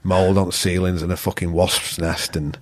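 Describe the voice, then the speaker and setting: A man's voice: low voice, moderate pace, no echo. A man from the north of England with a Yorkshire accent, telling a long story as a podcast guest, swearing freely and acting out what people said. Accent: Yorkshire English. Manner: swears freely, animated storyteller who acts out quotes. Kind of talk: casual storytelling.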